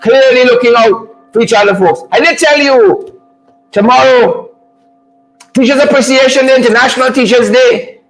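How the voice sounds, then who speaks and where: A man's voice: extremely high pitch, moderate pace, soft background music, poor audio. A man hosting a casual commentary show, repeating his phrases, drawing them out and chuckling. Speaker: host.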